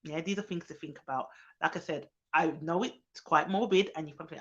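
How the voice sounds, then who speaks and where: A young woman, a nanny, chatting casually on her live stream, reading viewers' comments aloud and greeting them with excited bursts. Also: low-pitched, fairly quick. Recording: dull lo-fi sound.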